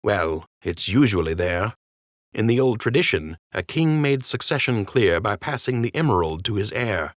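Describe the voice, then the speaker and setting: A man voicing a solemn male rabbit king who speaks gravely and earnestly. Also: on the low side, animated, moderate pace, dry recording, clean studio sound, lightly acted.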